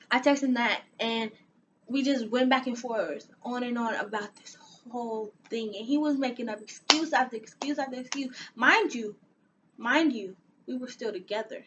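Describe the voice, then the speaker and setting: A young woman telling a personal story on her vlog, animated and dramatic, with sighs and laughs. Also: a little high, moderate pace, highs cut off, a little hiss or hum. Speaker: vlogger.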